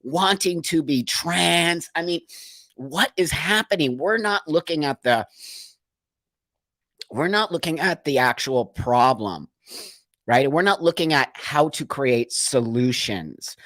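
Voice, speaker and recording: A man's voice: a little high, lively intonation, slow, a bit bright, no echo. A man hosting a livestream, talking in an earnest, emotional monologue full of repeated rhetorical questions. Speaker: livestream host.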